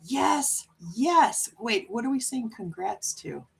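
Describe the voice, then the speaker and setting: A woman's voice: on the high side, takes it slowly, vocal fry, breathy edge. A woman hosting a casual livestream chat, reading viewer comments aloud and laughing often. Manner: chatty, laughs often, animated cat voices. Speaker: livestream host.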